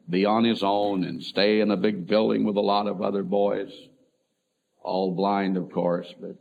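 A middle-aged man, a pastor, telling an emotional personal story in a sermon, swinging between loud and soft. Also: lowish voice, normal speed, vocal fry. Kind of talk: sermon testimony. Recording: tinny phone-like lo-fi recording.

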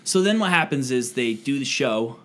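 A man's voice: mid-range voice, animated, normal speed, a bit bright. A man co-hosting a podcast in casual chat, talking loosely and profanely with many fillers. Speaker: podcast co-host.

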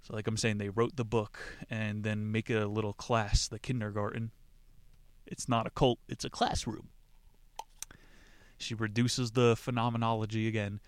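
A man's voice: fairly low pitch, little pitch movement, normal speed, smooth, no echo. Irreverent, rambling male podcast host. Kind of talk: casual book discussion podcast.

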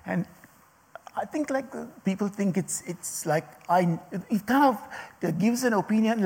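Husky, gravelly-voiced man preaching casually. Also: high voice, expressive, darkish tone, big-room sound. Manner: halting, many restarts and fillers, laughs often. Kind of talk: casual sermon.

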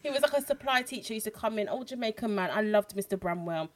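A woman, co-hosting a podcast, blunt and animated in casual chat. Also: mid-range voice, quick pace. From London. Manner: blunt, animated, swears freely. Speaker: podcast co-host.

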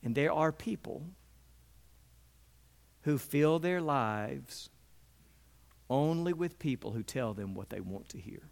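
This middle-aged preacher's sermon is slow and creaky, broken by long pauses, yet earnest throughout. He brings biblical characters to life with lively pitch and sinks into a low, quiet voice to stress a point.

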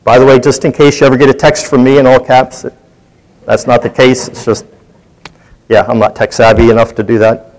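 A man's voice: medium pitch, little pitch movement, brisk, a little mellow, low-quality recording. A man leading a Bible study, teaching in a conversational way and putting questions to his group.

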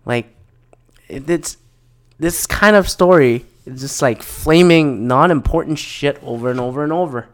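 A man's voice: fairly high pitch, unhurried. A man talking in a casual, rambling monologue, exasperated and profane, often restarting his sentences.

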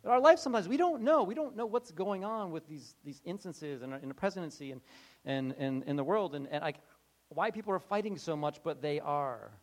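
An animated man preaching in a loose, conversational way. His voice sits a touch higher than most men's, and he often slips into short acted-out voices and trips over restarts. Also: brisk. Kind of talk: sermon.

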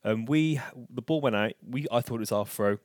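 A man's voice: mid-range voice, fairly quick, no room sound. Rambling man on a dry mic. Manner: rambling, restarts often, animated storytelling. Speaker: podcast co-host. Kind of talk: casual football podcast chat.

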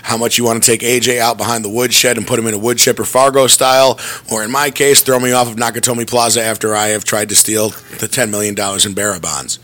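A man hosting a podcast in casual chat, jokey and lively, riffing on pop culture. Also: mid-range voice, fast talker, few pauses. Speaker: podcast host.

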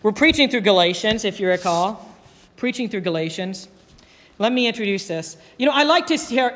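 In a church sanctuary, a male pastor preaches a sermon in a folksy storytelling style, acting out the voices in his anecdotes. His voice sits high and is fairly bright, with a little hiss or hum and long church reverb.

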